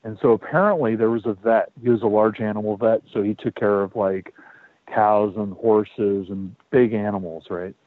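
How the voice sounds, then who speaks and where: On a podcast, a male host spins a casual story with repeated words and the odd swear. His voice is on the low side, fairly even in intonation, at normal speed, captured in a tinny, phone-like, dry recording without echo.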